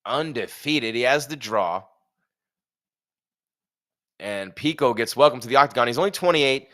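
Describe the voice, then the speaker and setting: A man's voice: mid-range voice, normal speed, a bit bright. A man hosting a live fight stream, chatting casually with jokes and rhetorical questions. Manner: reads sponsor ad.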